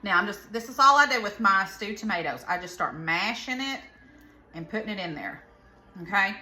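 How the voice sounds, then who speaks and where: A woman's voice: mid-range voice, expressive, normal speed, pushed and bright, echoey room. A woman with a Southern American accent, chatting casually to viewers while she cooks in her home kitchen, rambling into folksy asides. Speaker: home cooking host. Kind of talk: casual cooking vlog.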